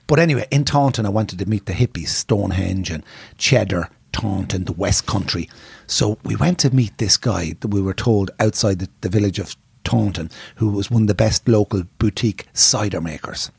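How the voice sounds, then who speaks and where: A man's voice: fairly low pitch, normal speed, gravelly, darkish tone, husky, no echo. An Irish man co-hosting a podcast, telling a long, rambling anecdote in casual chat and teasing his listeners with hints. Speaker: podcast co-host.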